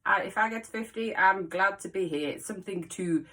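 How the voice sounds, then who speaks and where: A woman's voice: mid-range voice, fairly quick, fairly bright tone. A woman, chatting casually to camera in a rambling vlog. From England. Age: 40s. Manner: rambling, chatty, many asides. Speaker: vlogger. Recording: voice a bit far from the mic.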